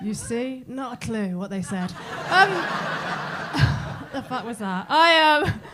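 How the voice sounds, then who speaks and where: In a live comedy club recording full of audience laughter and heavy background noise, a middle-aged woman from southern England does bawdy crowd work with cheeky, apologetic asides. Her voice is on the high side, animated, and slow.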